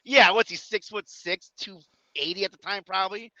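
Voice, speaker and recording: A man telling animated stories in a casual podcast chat, acting out quotes and laughing often. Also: high-pitched, normal speed, no room sound, lo-fi sound. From Chicago area. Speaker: guest wrestler.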